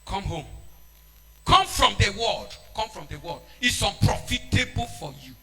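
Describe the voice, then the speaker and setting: A man with a Nigerian accent preaching a sermon, shouting and switching into Pidgin. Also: high-pitched, very animated, measured pace, soft background music.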